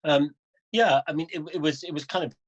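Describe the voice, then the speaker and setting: A man as an interview guest, telling a story in a casual, animated way, often restarting phrases and chuckling. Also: a little high, a little fast, dull audio.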